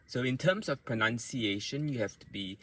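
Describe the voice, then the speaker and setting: A man with an Australian accent, an English language coach giving a patient pronunciation lesson and repeating words slowly to show their stress. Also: mid-range voice, lively intonation, fairly bright tone.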